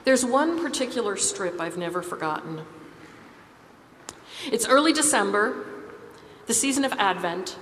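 A woman preaching a sermon, telling stories in a measured, expressive way. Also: mid-range voice, slight background noise. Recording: reverberant hall with faint ambience.

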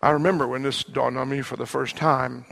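A man preaching a sermon, earnest and slowing down to stress his key words. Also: mid-range voice, steady tone, creaky, fairly bright tone. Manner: earnest, slows down for emphasis. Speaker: pastor.

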